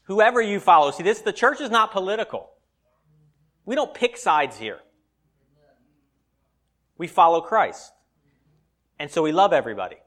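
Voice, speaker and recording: A male pastor preaching a sermon, swinging between loud emphatic lines and quiet asides. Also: high-pitched, very animated, normal speed, pauses often.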